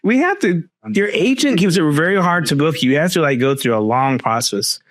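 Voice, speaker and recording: A male podcast host with a somewhat high, bouncy voice leads a casual panel chat. He talks in a playful, teasing way and keeps things light. A murmur of people carries on behind him. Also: animated, crowd noise. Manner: playful, teasing, quick to laugh.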